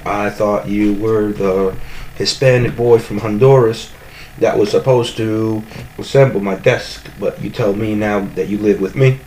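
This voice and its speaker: Low-voiced man rambling through a comedy podcast. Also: fairly even intonation, measured pace, a little mellow, a little hiss or hum, low-quality recording. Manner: joking bravado, rambling and self-correcting. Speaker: podcast host. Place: home kitchen.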